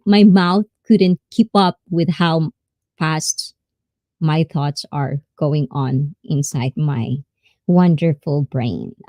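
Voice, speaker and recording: Woman, livestream host, giggly and chatty, warm tone, dry close sound. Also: deep voice, dry recording. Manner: bubbly, laughs often, switches between English and Tagalog. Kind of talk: casual livestream chat.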